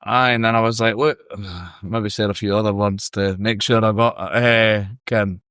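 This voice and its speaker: A Scottish man spins a lively, sweary yarn in a casual podcast chat. His voice sits fairly low. The sound is dry and close, with no room echo. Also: measured pace, smooth. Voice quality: sweary, animated storyteller. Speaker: podcast guest. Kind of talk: casual storytelling.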